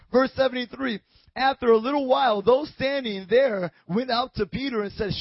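A man preaching a sermon, swinging from loud, dramatic quotes to hushed tones and calling out to his listeners. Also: very high voice, normal speed, no echo, dull audio.

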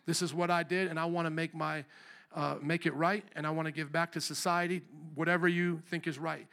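Pastor guy preaching, high bright voice, chatty then shouting. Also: level tone, fairly quick. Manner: conversational preaching, rising to shouts; self-deprecating asides and restarts. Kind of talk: sermon.

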